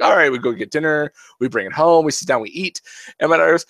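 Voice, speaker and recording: A man's voice: medium pitch, quick pace, no room sound. A man in his thirties, co-hosting a podcast in casual chat, animatedly telling stories and acting out family dialogue. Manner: animated storyteller who acts out family dialogue. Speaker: podcast co-host.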